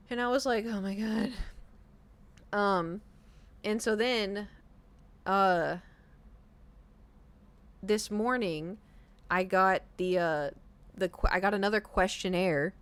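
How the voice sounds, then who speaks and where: A woman in her thirties chatting casually on a live stream, telling a rambling, animated story with restarts and the odd swear word. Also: mid-range voice, a little slow, long pauses. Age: 30s.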